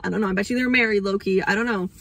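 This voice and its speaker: Talking very fast, the young astrology host has a mid-range voice that's creaky and a bit bright. Her spiritual monologue is casual and rambling, full of free swearing, with emotional moments here and there.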